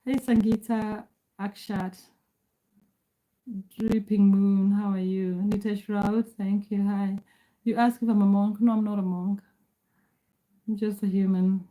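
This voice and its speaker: A woman in her forties from Kenya, hosting a casual livestream, greeting viewers by name and answering chat in calm, measured speech. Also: medium pitch, low-quality recording. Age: 40s. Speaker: livestream host.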